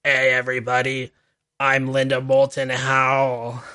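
A man doing an impression of an older woman paranormal researcher with a scratchy voice and a slow, drawn-out, mock-serious delivery. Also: medium pitch, monotone, bright, forceful tone.

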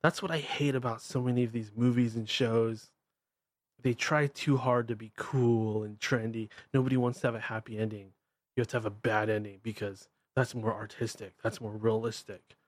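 A man's voice: mid-range voice, fairly even intonation, moderate pace, dry recording. A man with a Pacific Northwest American accent hosting his show, ranting bluntly and irreverently. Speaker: podcast host. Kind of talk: ranting monologue.

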